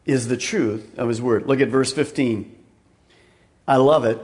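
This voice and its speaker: A man preaching a sermon, swinging from loud, raised emphasis down to a hushed near-whisper and repeating words as he drives points home. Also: mid-range voice, steady tone, measured pace. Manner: repeats words and restarts mid-phrase. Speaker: pastor.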